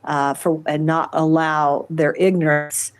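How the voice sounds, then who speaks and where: An older woman speaks as an interview guest in a somewhat low voice. She talks haltingly, with frequent fillers and restarts as she recounts things. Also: flat delivery, clean tone. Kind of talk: conversational interview.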